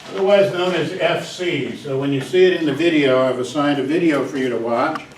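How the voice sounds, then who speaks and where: A man's voice: a little high, a little fast. A man giving a university psychology lecture, digressive and joking, acting out examples with barks and little voices. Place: lecture hall. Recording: echoey lecture hall from a distance, faint noise.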